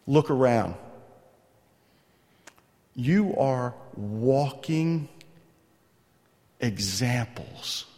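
A man preaching a sermon as pastor, moving between hushed asides and loud, stretched-out emphasis. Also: medium pitch, expressive, extremely slow, pauses often. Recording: long reverb in a large hall.

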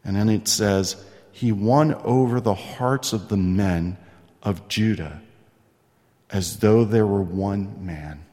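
Man, pastor preaching, slow deliberate delivery, swings from hushed to loud, long echo in a big hall. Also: on the low side, expressive. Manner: preaching with dramatic swings between soft asides and loud emphasis. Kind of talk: sermon. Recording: long reverb in a large hall.

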